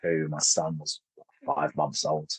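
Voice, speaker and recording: A man's voice: very deep voice, monotone, slow pace, slightly rough, no echo, poor audio. A man in his thirties, a comedian telling stories in a casual interview, rambling and self-interrupting with frequent laughs. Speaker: comedian guest.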